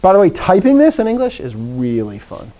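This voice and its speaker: Man, Greek teacher, upbeat, call-and-response drills, fairly high voice, mellow tone. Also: huge pitch swings, fairly quick, rough recording. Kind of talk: online class recitation drill.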